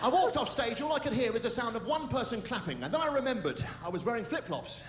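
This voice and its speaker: Comedian firing off deadpan puns. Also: male voice, very high voice, reverberant. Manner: rapid deadpan one-liners and puns. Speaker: stand-up comedian. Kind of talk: stand-up comedy set. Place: theater stage.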